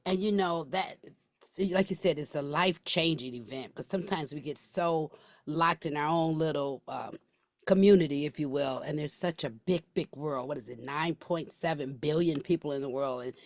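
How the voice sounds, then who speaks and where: A woman's voice: low-pitched, normal speed, no echo. A woman hosting a podcast interview, encouraging her guest with frequent affirmations. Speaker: podcast host.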